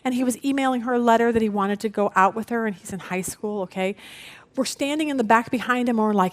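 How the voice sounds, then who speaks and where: A middle-aged woman teaching a women's Bible study, telling family stories with expressive, acted-out voices. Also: a little high, fast.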